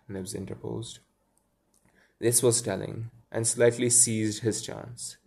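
A man's voice: lowish voice, fairly even intonation, unhurried, gravelly, a little mellow. A man reading a story aloud and breaking off into musing commentary. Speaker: reader and commentator.

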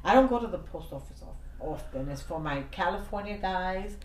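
A woman's voice: on the low side, expressive, normal speed, darkish tone. A woman co-hosting a podcast, chatting casually and acting out the people in her stories. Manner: chatty storyteller, acts out quoted exchanges. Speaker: podcast co-host. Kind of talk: casual chat. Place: New York. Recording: echoey room, faint noise.

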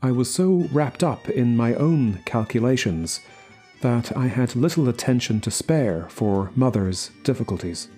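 A man reading a short story aloud as the narrator, in slow, measured scripted narration. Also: medium pitch, animated, dark tone, faint music behind. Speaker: story reader.

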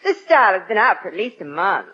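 An actress playing a sweet, coaxing wife. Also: female voice, medium pitch, very animated, fast, natural voice. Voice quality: gentle, coaxing. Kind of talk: 1940s radio sitcom acting. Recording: muffled old radio recording, faint hiss.

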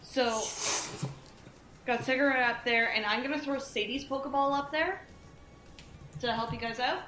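A woman's voice: sits high, unhurried, sharp tone, roomy sound. A woman playing in a tabletop game, thinking aloud with hesitant fillers. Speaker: player.

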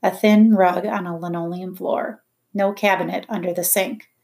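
A woman narrating a novel in the first person, in a quiet, measured, reflective way. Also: fairly low pitch, fairly even intonation, vocal fry. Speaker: audiobook narrator.

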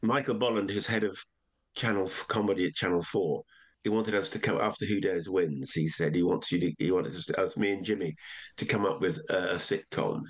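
Older male comedian guest, very low voice, rambling anecdotal storyteller. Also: steady tone, brisk. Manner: rambling, with many restarts and acted quotes. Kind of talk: relaxed anecdotal chat.

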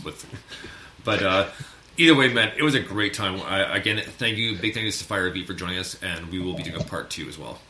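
A man's voice: deep voice, sharp tone. A man co-hosting a casual chat show, telling a rambling story and laughing often. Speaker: co-host. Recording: echoey room with faint noise.

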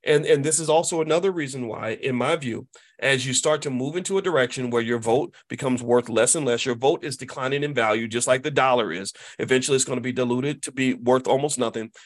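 A middle-aged man hosting a casual commentary monologue, emphatic and repetitive, often asking "right?" and jumping into high voices to mimic people. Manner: emphatic, repetitive, tag questions. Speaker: host.

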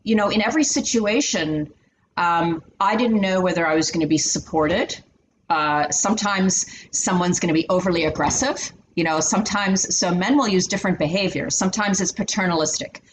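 A middle-aged woman in finance, speaking as an interview guest and telling candid stories in an animated way, with many filler words. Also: lowish voice, moderate pace, slight background noise, rough recording. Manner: animated, heavy "you know" fillers. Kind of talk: candid storytelling in conversation.

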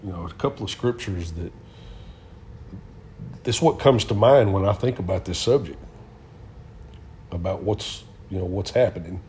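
On a Christian talk show, a middle-aged male co-host tells stories and gives casual testimony like a preacher, earnest and full of fillers. His low-pitched voice is a little mellow and moves at a moderate pace with long pauses, over slight background noise.

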